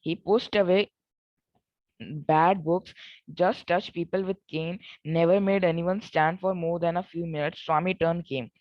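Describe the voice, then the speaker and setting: A woman's voice: on the low side, steady tone, unhurried, no echo. A woman reading a story aloud, stopping to retell and explain parts in her own words, with self-corrections and fillers. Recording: dull, muffled recording.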